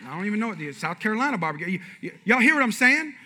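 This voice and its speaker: A man preaching a sermon as pastor, telling animated stories and calling on the congregation to shout out. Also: sits high. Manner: animated storytelling, asks audience to shout out; shifts from loud excited to quiet slow and intimate.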